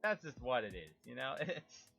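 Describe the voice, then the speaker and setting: A young man talking casually about a video game, animated, swearing freely and imitating game sounds. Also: mid-range voice, normal speed, gravelly, soft background music. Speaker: gaming YouTuber. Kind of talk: casual rambling monologue.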